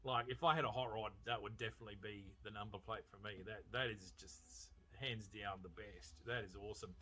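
A man giving a casual, animated movie review, swearing freely and laughing as he retells scenes. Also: lowish voice, fairly quick. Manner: animated, profane, laughing storyteller. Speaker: film reviewer.

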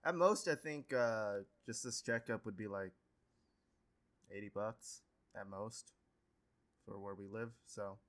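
A man's voice: on the low side, slow, pauses often, a bit bright. Easygoing young man, laughs a lot. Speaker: podcast co-host. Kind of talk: casual chat.

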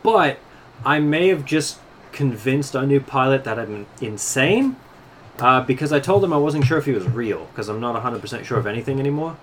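A man's voice: mid-range voice, expressive, normal speed, a bit bright, a little hiss or hum. A man playing a tabletop game, joking frantically and swearing. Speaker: player. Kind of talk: in-character banter at a tabletop game.

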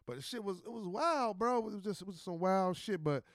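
A man talks quickly and eagerly, his voice sitting a little high for a man. He tells rowdy street stories full of cursing, recorded dry and close. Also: no echo. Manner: animated, profane street storyteller. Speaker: podcast host. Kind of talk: casual podcast chat.

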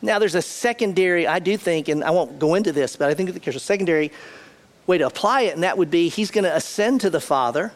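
Guy preaching, kinda high voice, lively, acts out the quotes as he goes. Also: fast. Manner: animated, acts out quotes with shifting pitch and pace. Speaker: pastor. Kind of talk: sermon.

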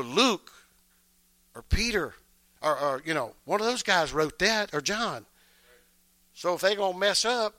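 A man preaching a sermon as a bishop, fervent and full of amens, at times dropping to a soft, intimate reading of scripture. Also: fairly high pitch, no room sound.

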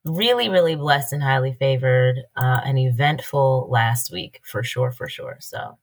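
A woman co-hosting a podcast in casual chat, candid and quick to laugh. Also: very deep voice. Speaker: podcast co-host.

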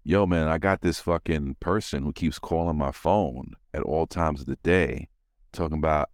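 Profane, low-voiced storytelling man. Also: animated, moderate pace, a little mellow, no room sound, clean studio sound. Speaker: podcast host. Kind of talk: casual chat.

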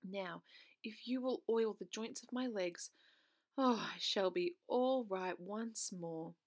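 A woman's voice: medium pitch, slow. A woman reading aloud, voicing a sad, polite, grateful man made of tin who stammers a little.

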